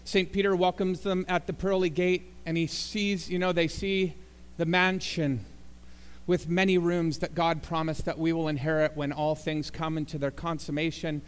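High-voiced pastor preaching in an echoing hall. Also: male voice, little pitch movement, moderate pace, smooth. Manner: storytelling with jokes, building to emphatic appeals. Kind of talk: sermon. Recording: long reverb in a large hall.

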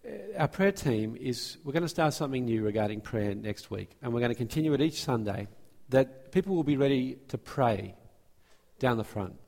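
Male pastor, mid-pitched, earnest sermon delivery with frequent restarts, long church-hall reverb. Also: gravelly, darkish tone. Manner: earnest, restarts phrases, speeds up and slows down. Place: church sanctuary.

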